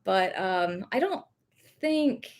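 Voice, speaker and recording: Sick with Covid, a young reseller hosting a livestream takes her time, her animated voice sitting in the mid range. Raised in the rural American South, she has a light Southern US accent and rambles casually, reading viewer comments with many fillers and frequent self-corrections.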